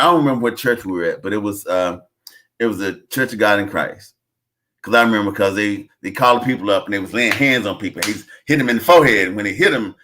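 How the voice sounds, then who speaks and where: A man hosting a casual conversation, telling stories in an animated, preachy way. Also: mid-range voice. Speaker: podcast host.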